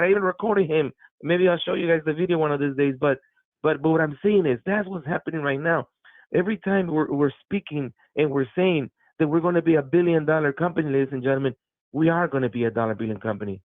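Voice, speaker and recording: Excited man on a phone line. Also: a little high, quick pace, no room sound. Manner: excited, repetitive, fervent. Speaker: business team leader on a group call. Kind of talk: motivational call talk.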